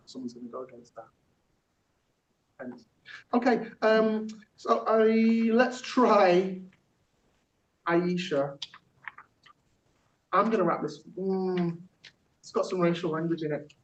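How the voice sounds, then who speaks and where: A man leads a workshop, chatting loosely with plenty of fillers and restarts, his voice a little higher than most. He is picked up from across a large, echoey room on a dull-sounding mic, with a faint hiss behind him. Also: steady tone, a little slow, pauses often. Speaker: workshop facilitator. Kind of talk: teaching workshop with spoken-word poem performance. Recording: roomy, distant, dull room recording.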